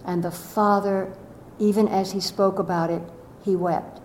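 An older woman telling a reflective spiritual story slowly and gently, her voice often trailing off softly. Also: level tone. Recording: echoey room with faint rumble.

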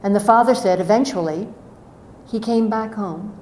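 An older woman tells a reflective spiritual story in a gentle, unhurried way, her voice sitting at a middling pitch. She lets her phrases drift off into softness. The recording carries a noticeable room echo and a faint low rumble. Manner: slow, gentle, softly trailing off.

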